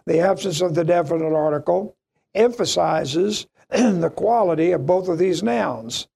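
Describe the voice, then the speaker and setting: Male Bible teacher, mellow, gravelly tone, deliberate emphatic delivery, repeats key phrases. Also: high-pitched. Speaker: preacher.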